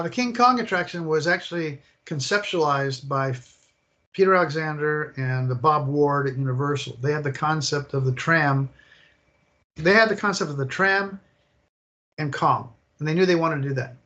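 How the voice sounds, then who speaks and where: An older man telling animated, rambling stories as a guest in an interview, acting out the scenes as he goes. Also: on the high side, muffled recording. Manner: animated, rambling storyteller who acts out scenes. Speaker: guest, attraction designer. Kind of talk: casual interview storytelling.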